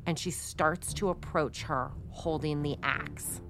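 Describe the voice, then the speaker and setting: A woman's voice: deep voice, steady tone, slow pace, over music. A woman co-hosting a podcast, telling a true-crime story in a chatty, casual way with many fillers. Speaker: podcast co-host.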